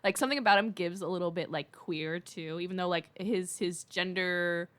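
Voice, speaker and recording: A woman's voice: on the low side, moderate pace, a bit bright, clean tone. A woman co-hosting a casual podcast, gushing in slang with lots of fillers. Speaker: podcast co-host.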